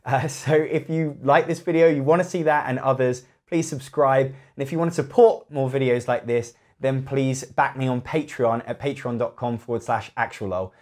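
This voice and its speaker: A man with a croaky voice reviewing party games in a chatty, animated way, acting out his friends' remarks. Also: medium pitch, normal speed, hardly any pauses. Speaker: board game reviewer. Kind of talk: casual video review.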